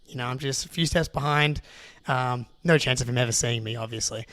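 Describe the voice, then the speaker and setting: A young Australian man, co-host of a podcast, telling a long story in an excitable, rambling way with lots of restarts. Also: medium pitch, brisk. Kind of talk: casual storytelling.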